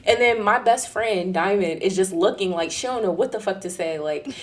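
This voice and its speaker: A young woman telling a casual story in an animated, profane way, acting out the people she quotes. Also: normal speed. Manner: acts out quoted people in a higher, louder voice.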